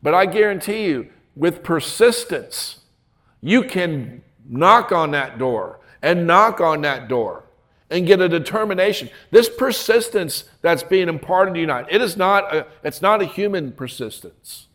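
A man's voice: a little high, expressive, a little slow, fairly bright tone. A man preaching a sermon in a folksy, emphatic way, with joking asides and repeated phrases.

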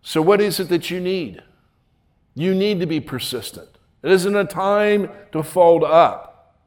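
A man's voice: high voice, lively intonation, measured pace, a little mellow. A man preaching a sermon in a folksy, emphatic way, with joking asides and repeated phrases.

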